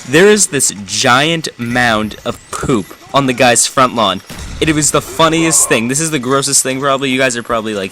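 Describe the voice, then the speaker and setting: Young guy telling a funny story over gameplay, bright voice, keeps correcting himself. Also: mid-range voice, a little fast, slight background noise. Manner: rambling, amused, self-correcting. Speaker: gameplay commentator.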